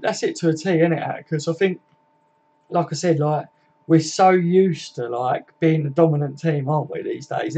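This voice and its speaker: A man's voice: fairly high pitch, a little mellow, breathy edge. A young man hosting a casual live stream, chatting and reading out viewer comments, with lots of tag questions and "mate". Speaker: fan channel host.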